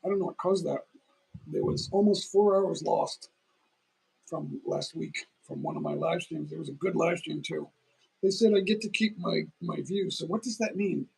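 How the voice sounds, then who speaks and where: Tired middle-aged guy rambling on his phone livestream, super gravelly and husky. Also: on the high side, moderate pace, darkish tone, poor audio. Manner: meandering, talks while eating, restarts often. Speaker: livestream host. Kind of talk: rambling casual livestream chat.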